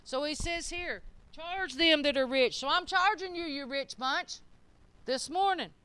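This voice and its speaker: A middle-aged woman preaching a sermon in a church, emphatic and swinging up to shouted peaks. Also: sits high, a little slow, no room sound.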